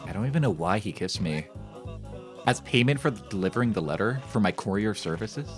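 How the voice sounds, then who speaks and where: A man's voice: on the low side, expressive, brisk, faint music behind. A male streamer giving casual, joking commentary while playing a game, rambling and reading game text aloud. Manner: repeats phrases in shifting voices.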